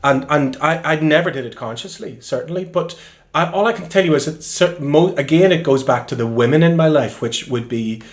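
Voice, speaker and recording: A man's voice: a little high, brisk. Northern irish man telling stories. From Northern Ireland. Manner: lively storyteller, acts out quoted voices. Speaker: interviewed singer-songwriter. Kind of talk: casual interview, telling anecdotes. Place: room in his home. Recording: echoey room.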